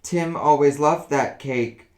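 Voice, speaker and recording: A man voicing an elderly woman who speaks in a flat, emotionless, dazed way. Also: on the high side, slow pace. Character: elderly woman, dazed and flatly matter-of-fact.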